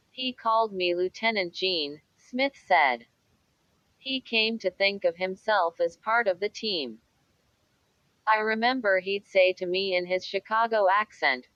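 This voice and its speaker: Female audiobook narrator, measured true-crime read, dry booth sound, a bit muffled. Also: mid-range voice, no room sound.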